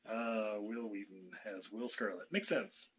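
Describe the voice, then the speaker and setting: A man's voice: fairly low pitch, a bit bright, slightly rough. A man hosting a podcast in casual fan-casting chat, jokey and laughing often. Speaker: podcast host.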